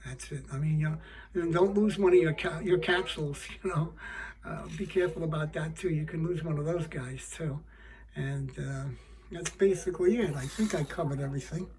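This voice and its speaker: A man's voice: on the high side, moderate pace, darkish tone. Rambling man explaining puppetry. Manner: rambling, many fillers and restarts. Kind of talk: casual how-to explanation.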